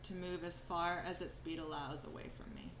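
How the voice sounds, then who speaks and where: A woman's voice: fairly low pitch, normal speed, a bit bright. A woman playing a tabletop game, thinking aloud in a hesitant, casual way. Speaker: player. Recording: roomy with background noise.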